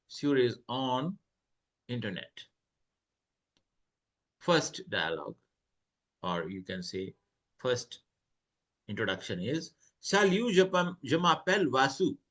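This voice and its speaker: Slow-talking man teaching French. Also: mid-range voice, fairly bright tone. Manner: slow, explains each French phrase in English, lifts voice when reading dialogues. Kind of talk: online French lesson, reading and translating dialogues.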